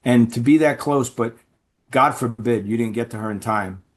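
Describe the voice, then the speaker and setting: A man speaks as a guest at a mid-range pitch, rambling through his stories. He keeps restarting his sentences and adds "right?" and "you know?" as he goes. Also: moderate pace. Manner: rambling, with frequent restarts and tag questions. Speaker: podcast guest, former FBI undercover informant. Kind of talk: conversational storytelling.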